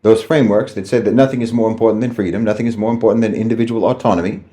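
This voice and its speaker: A man lecturing the listener directly in a measured monologue. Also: lowish voice, fairly even intonation, warm tone.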